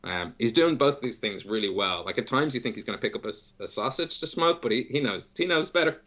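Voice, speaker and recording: A man's voice: medium pitch, lively intonation, fast talker, a bit bright. A man narrating a tabletop game as game master in a playful, rambling way.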